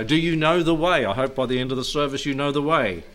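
A man of middling pitch delivers a sermon to a church gathering. He breaks into soft chuckles between phrases and slows down to read scripture passages with rising emphasis. His tone stays conversational and easy. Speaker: pastor. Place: church service.

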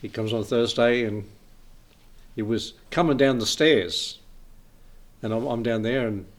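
A man's voice: medium pitch, unhurried. Chuckling man giving an informal sermon. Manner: chuckles often, relaxed storytelling. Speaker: preacher.

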